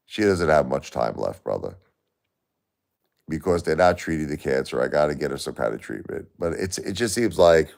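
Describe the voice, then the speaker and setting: Very deep-voiced exhausted man on a livestream. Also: creaky, a little mellow. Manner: weary, distressed, repetitive. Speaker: livestream host. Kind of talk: emotional live stream talk to chat.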